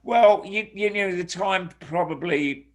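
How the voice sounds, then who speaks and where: A man's voice: high-pitched, unhurried. An older man, a touring rock drummer, chatting casually and rambling on a video call with many restarts. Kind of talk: casual chat.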